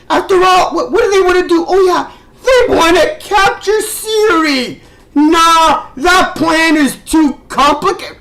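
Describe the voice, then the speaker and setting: A man's voice: extremely high pitch, gravelly, fairly bright tone, rough recording. A man ranting as a video reviewer, exasperated and sarcastic, swearing and stumbling over restarts as he talks. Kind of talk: ranting commentary.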